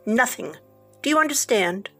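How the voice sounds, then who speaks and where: A woman's voice: on the high side, very animated, normal speed, sharp tone, faint music behind, full character voice. A woman voicing a cruel, domineering Victorian husband who growls his threats. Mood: menacing. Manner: growling, menacing.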